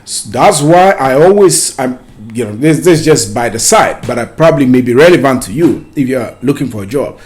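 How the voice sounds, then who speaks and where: A man giving career advice in an unscripted talk to camera, lively, often restarting and repeating words. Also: mid-range voice, fairly quick.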